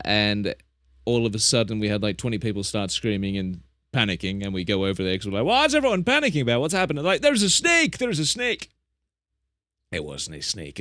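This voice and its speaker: A man's voice: on the low side, fairly bright tone, no echo, studio quality. A young man chatting casually on a live stream, rambling and correcting himself as he tells animal stories. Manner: rambling, chatty, self-correcting, plays up tall tales.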